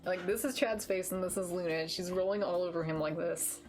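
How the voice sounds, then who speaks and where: A woman's voice: on the low side, fairly even intonation, fairly quick, over loud music. A young adult woman streaming from home, chatting casually with her viewers in a teasing, giggly way and swearing casually. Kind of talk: casual live-stream chat. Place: home with green screen.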